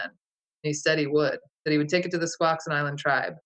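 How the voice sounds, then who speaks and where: A woman's voice: low voice, fairly even intonation, a little fast, a bit bright, poor audio. A woman recounting a vivid dream to an interviewer in a casual, rambling way, full of fillers and restarts. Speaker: guest. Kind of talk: casual storytelling.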